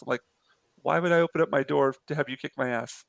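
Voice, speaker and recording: Casual male streamer, gravelly edge, dry close mic, rambling storyteller. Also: medium pitch, fairly even intonation, brisk, a bit bright, no echo. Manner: rambling with many fillers and restarts. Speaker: live-stream artist chatting with a viewer. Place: apartment in a city.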